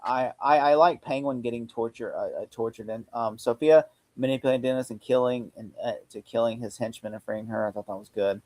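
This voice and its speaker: A man hosting a podcast in casual chat, jokey and quick to riff on scenes. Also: medium pitch, a little mellow. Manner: jokey, mimics lines from the show. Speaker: podcast host.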